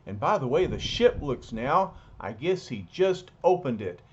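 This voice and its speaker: A man voicing a calm, explaining male hero leader, in a dull lo-fi recording. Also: medium pitch, a little slow, breathy edge.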